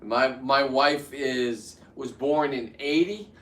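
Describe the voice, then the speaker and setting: Casting: fifties man, vlogger, mid-pitched, rambling and restless, heard in a roomy space from a few feet off the mic. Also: slow, fairly bright tone, recorded from a distance. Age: 50s. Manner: rambling, restarts, heats up into ranting. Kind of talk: casual talk to camera while working.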